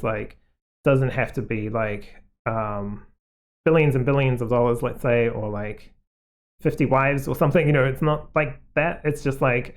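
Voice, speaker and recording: A man talks viewers through a tarot reading in a loose, rambling way, padding his thoughts with "like" and "um". His voice sits at an ordinary pitch with a gravelly edge. He keeps a gently reassuring, advising tone. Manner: rambling, heavy on fillers like "like" and "um". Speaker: tarot card reader. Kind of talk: casual spoken card reading to viewers.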